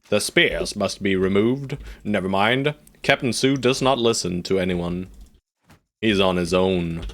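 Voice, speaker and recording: A man streaming live gameplay, joking and talking to his units with loud jumps on exclamations. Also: low voice. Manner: playful, jokey, talks to his units.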